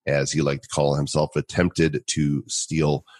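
A man's voice: very deep voice, level tone, a little slow, a little mellow, no echo. A man co-hosting a casual podcast, joking and self-deprecating as he talks. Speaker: podcast co-host.

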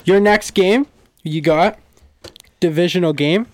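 A man's voice: high-pitched, measured pace, a little mellow, no echo. A man, hosting a casual sports podcast and announcing the matchups in an upbeat way. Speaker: podcast host.

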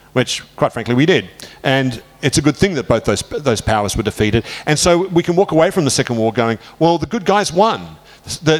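Australian man telling history with feeling. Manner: animated, lifts pitch sharply when quoting others. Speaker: author guest. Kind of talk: conversational interview, storytelling.

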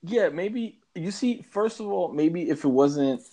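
A man's voice: high voice, animated, unhurried, mellow. A man in casual chat about films, talking in a laid-back, rambling, slangy way.

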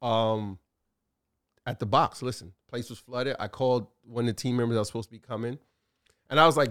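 A man co-hosting a casual talk show, telling animated stories with lots of fillers and acted-out quotes. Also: medium pitch, brisk. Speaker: co-host, store owner. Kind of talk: casual chat.

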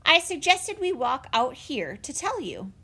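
A woman reading aloud voices a calm, kindly grandfather who speaks gently and evenly. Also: high-pitched, a little slow, voice pushed up, heavily acted.

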